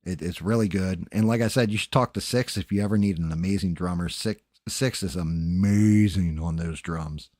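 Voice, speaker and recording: A man's voice: sits low, normal speed, few pauses, darkish tone, dry recording, studio quality. A man hosting a late-night livestream, chatting loosely with frequent swearing and thanking viewers by name. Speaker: livestream host.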